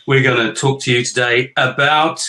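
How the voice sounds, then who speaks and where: Kiwi dad host, middle-aged, rambling self-deprecating humor, relaxed chat. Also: male voice, mid-range voice, normal speed, rough recording. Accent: New Zealand. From New Zealand. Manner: jokey, self-mocking, rambling. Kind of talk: casual chat with his kids.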